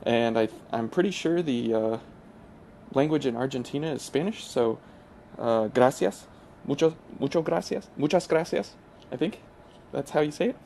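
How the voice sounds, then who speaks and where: A man hosting a gaming channel, talking through gameplay in a casual, hesitant way with many pauses and restarts. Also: medium pitch, lively intonation, dark tone, slight background noise. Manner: hesitant, full of uh fillers and restarts.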